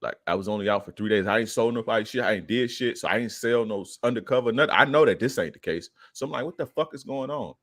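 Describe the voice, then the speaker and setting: A man's voice: lowish voice, fast, few pauses, a bit bright, dry recording, clean studio sound. A young man, a podcast guest, casually telling a profane street story and acting out the quoted lines in a raised voice.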